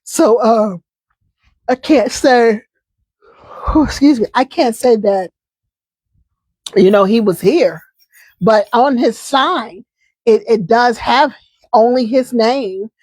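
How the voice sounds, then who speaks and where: A woman hosting a live chat in a high voice, chatty and emphatic, often repeating a point twice. The sound is dry, with no room echo around her. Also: slow, long pauses, darkish tone. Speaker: host.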